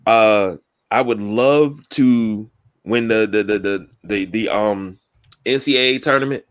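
A man hosting a casual sports talk show, telling stories from work and school with lively acted-out quotes. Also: lowish voice, a little slow, clear, resonant tone. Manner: storytelling, animated when acting out quotes.

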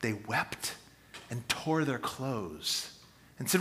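A man preaching a sermon, with dynamic delivery that swings between loud emphasis and quiet asides. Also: medium pitch, very animated, slow. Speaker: pastor.

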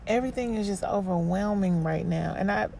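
A woman hosting her own podcast as a personal voice diary, sounding exhausted and halting, often restarting and trailing off. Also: medium pitch, vocal fry, warm tone, slight background noise. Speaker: podcast host.

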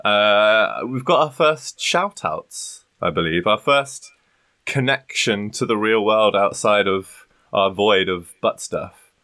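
A man's voice: fairly low pitch, takes it slowly, sharp tone. A young man co-hosting a podcast, chatting casually with crude jokes and frequent laughs. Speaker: podcast co-host. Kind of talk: casual chat.

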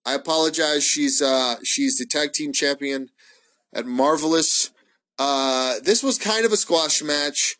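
A man's voice: a little high, a little slow. Profane, rambling man reviewing wrestling. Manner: profane, excitable, rambling with many fillers. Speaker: wrestling podcast host. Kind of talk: casual solo ramble review.

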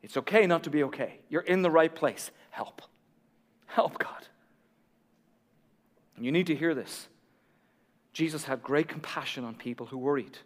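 A man preaching a sermon, emphatic and repetitive, swinging from hushed to loud. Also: fairly high pitch, brisk. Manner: emphatic, repeats key lines, drops to near whisper then builds. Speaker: pastor. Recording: long reverb of a large hall.

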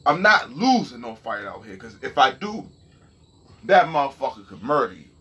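A man's voice: medium pitch, sing-song, moderate pace, pushed and bright, breathy edge. A young man telling a story and ranting in a casual, profane, heated way straight to his viewers. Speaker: vlogger.

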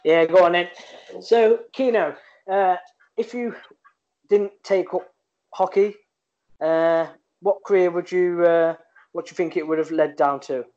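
A man's voice: sits high, steady tone, measured pace, a little mellow. A man co-hosting a sports podcast, asking the guest questions and ribbing him playfully. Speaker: podcast co-host. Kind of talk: casual podcast interview. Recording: dull lo-fi audio.

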